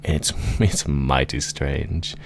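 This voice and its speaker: A man's voice: very deep voice, steady tone, slow, creaky, slight background noise. A man narrating an improvised comic fantasy story with rambling, laughing asides.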